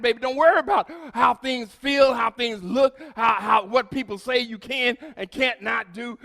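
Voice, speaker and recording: High-voiced preaching man in a hall. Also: moderate pace, creaky, hardly any pauses. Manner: preaching with rising shouts and quiet asides. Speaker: pastor. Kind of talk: sermon.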